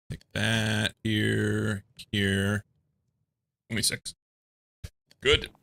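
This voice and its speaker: His voice is on the low side and sharp-toned. He's an English streamer chatting casually while he plays, slow and musing, addressing both his viewers and himself.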